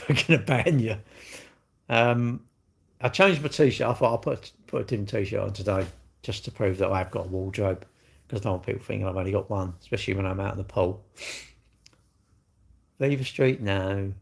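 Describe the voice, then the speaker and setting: A man's voice: fairly low pitch, moderate pace, gravelly, long pauses. An English man, middle-aged, hosting a casual live stream and bantering cheekily with his chat in a rambling, jokey way. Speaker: livestream host.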